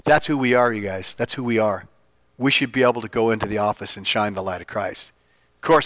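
A man preaching an informal sermon, telling stories, his voice leaping up when he gets excited and falling soft and low for earnest points. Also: vocal fry, no echo. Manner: animated, jumps up in pitch for quoted lines. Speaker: pastor.

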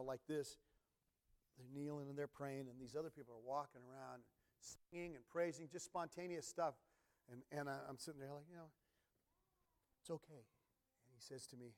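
A middle-aged man preaching a sermon as pastor, telling stories with bursts of shouting and imitated instrument sounds. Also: fairly high pitch. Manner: animated storytelling, sudden shouts and imitated organ sounds.

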